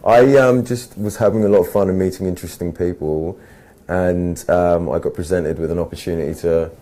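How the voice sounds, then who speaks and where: A young man with an English accent talks in a slow, measured, unhurried way, relaxed and easygoing. His voice sits very low and sounds dark and mellow. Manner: slow, measured, laid-back. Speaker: actor interviewee. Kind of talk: casual interview.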